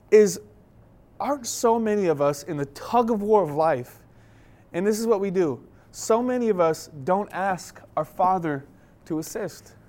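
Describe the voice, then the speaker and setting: A young male pastor delivers a sermon as an animated storyteller, acting out scenes with playful energy. He sounds a little out of breath as he talks. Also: sits high.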